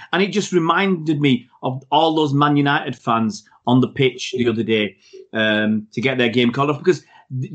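A man, a podcast co-host, giving blunt and outspoken opinions in a casual football chat. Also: a little high.

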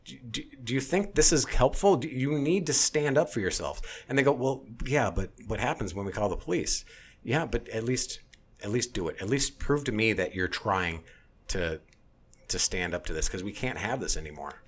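A man with a fairly low-pitched voice, talking in a blunt, heated, casual way. He swears freely and keeps stopping to restart his sentences. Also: animated, normal speed, slightly rough. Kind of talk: casual opinionated chat.

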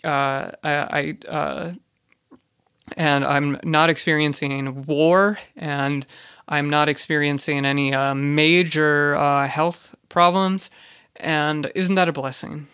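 A man hosting a podcast, delivering an ironic comedic monologue in a rambling deadpan way with many fillers and restarts. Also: on the high side, slow pace, clear, resonant tone, no room sound, clean studio sound. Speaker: podcast host.

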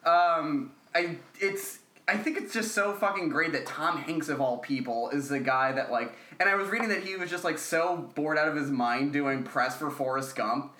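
A man's voice: fairly high pitch, normal speed, hardly any pauses, pushed and bright, echoey room. A man on a casual movie podcast who circles back and restarts as he searches for his point. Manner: hesitant, searching for words. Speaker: podcast co-host.

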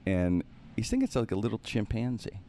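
A man with a notably deep, low-pitched voice chats casually as a podcast host. He tells funny stories with animation, putting on voices for the people in them and laughing along. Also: a little fast, slight background noise. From Pittsburgh, USA. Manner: animated, acts out voices in anecdotes, laughs often. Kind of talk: casual storytelling.

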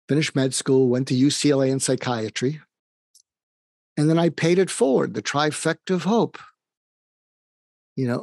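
A man's voice: medium pitch, a little mellow, dry recording, studio quality. A man, a psychiatrist from near Boston, telling a personal story in an earnest, reflective way and acting out the dialogue he quotes. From suburb of Boston, USA. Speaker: psychiatrist guest.

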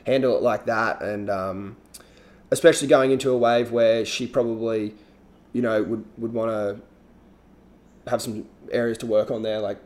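A man chatting casually about competition surfing, relaxed and rambling, with frequent restarts. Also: on the low side. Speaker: surf analyst guest. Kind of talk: casual podcast chat.

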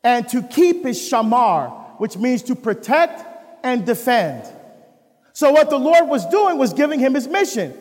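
A man from the United States preaching a sermon as a deacon, lively and full of rhetorical questions. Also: extremely high pitch, a little slow, long reverb tail.

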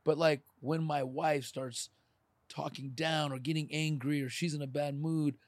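A middle-aged man in casual podcast chat, animated and acting out quoted voices. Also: fairly high pitch, measured pace, no echo.

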